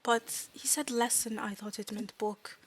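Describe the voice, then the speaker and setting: A woman voicing a small, timid fairy student who speaks in broken, halting grammar and often drops to a whisper. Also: on the high side, steady tone, a little hiss or hum, lightly acted. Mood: earnest. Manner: broken grammar, dropped articles, hesitant. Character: tiny timid fairy student, earnest, new to language. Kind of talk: tabletop role-play.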